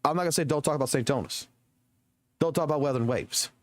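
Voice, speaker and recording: A man's voice: a little high, quick pace, no room sound. Man, game streamer, casual rant, heavy swearing, emphatic repetition. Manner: profane, emphatic, repeats himself. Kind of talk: casual ranting to chat.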